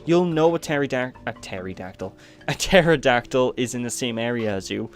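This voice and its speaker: A man's voice: mid-range voice, fairly quick. Chatty Welsh man talking over gameplay. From Wales. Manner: chatty, rambling, lots of fillers. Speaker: let's play host. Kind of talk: casual game commentary. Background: faint game music.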